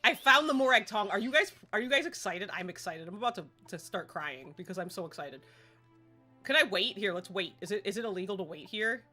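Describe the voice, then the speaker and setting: A woman streaming a game live, chatting excitedly and rambling to herself as she plays. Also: medium pitch, fairly quick, faint music behind.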